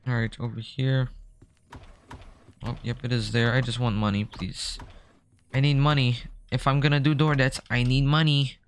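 A man's voice: mid-range voice, normal speed, pauses often, a little hiss or hum. Man casually streaming a game. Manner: relaxed, chatty, reacting to gameplay. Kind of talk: casual gaming commentary.

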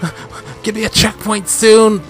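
A man doing let's play commentary, swinging between chatty self-talk and loud, swearing outbursts at the game. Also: sits high, measured pace, faint music behind. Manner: excitable, yelling and swearing at the game.

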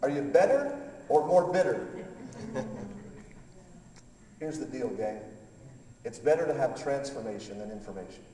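A pastor preaching with passion, swinging from hushed telling to loud, fervent bursts as he acts out both sides of a talk with God. His voice is mellow and dark. It comes from a distance, ringing with the long echo of a large church hall over a faint hum. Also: medium pitch, lively intonation, measured pace, long pauses. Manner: impassioned, builds from quiet to loud, acts out dialogue. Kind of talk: sermon. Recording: echoey hall from far off.

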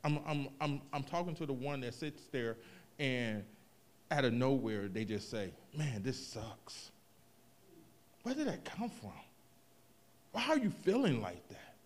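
A man preaching a sermon, moving from hushed reflection to loud, animated emphasis, with casual asides to the congregation. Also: medium pitch, moderate pace. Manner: expressive preaching, swings from quiet to loud, vernacular asides. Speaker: pastor.

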